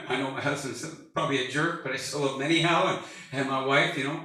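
A man around sixty preaching a sermon as pastor, animated and joking, rising at times to a shout. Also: mid-range voice, fairly quick. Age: 60s. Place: church sanctuary. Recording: echoey church hall from far off.

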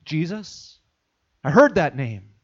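A man's voice: fairly high pitch, big pitch swings, takes it slowly, slightly rough, voice pushed down, full character voice. A man acting out a blind beggar by the roadside who pleads and calls out, in a dull lo-fi recording. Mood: eager. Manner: pleading, calling out loudly. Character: blind male beggar crying out by the road.

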